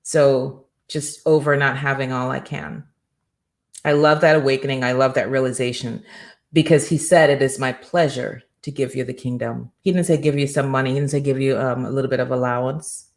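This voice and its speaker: A woman's voice: a bass voice, fairly even intonation, brisk, darkish tone. A middle-aged woman hosting a morning show, giving a faith-based motivational talk with an emphatic, preacherly rhythm and repeated rhetorical questions.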